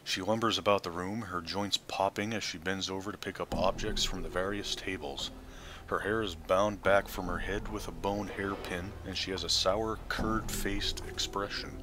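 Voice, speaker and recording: Deep-voiced man reading game text aloud. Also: fairly even intonation, normal speed, noisy background. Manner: dry, offhand asides between read passages. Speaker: let's play host. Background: faint game music.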